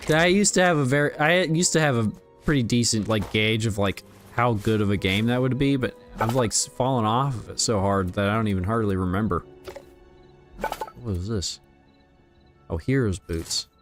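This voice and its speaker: A man's voice: on the low side, normal speed, soft background music. Rambling, laid-back male game streamer. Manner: rambling and relaxed, chatting to viewers while playing. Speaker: livestreamer. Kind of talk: casual gaming livestream chat.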